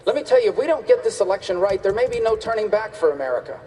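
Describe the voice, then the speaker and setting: A man's voice: high voice, expressive, rapid-fire, a little mellow. A man running for president, giving emphatic, repetitive debate answers on a stage. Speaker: presidential candidate. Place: large debate hall on stage. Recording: reverberant debate hall.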